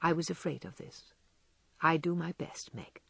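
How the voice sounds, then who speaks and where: A woman voicing a young husband in a storybook reading, speaking low, quiet and dry. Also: normal speed, gravelly, husky, no room sound, heavily acted. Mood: hurt. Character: young husband, good-humoured but hurt.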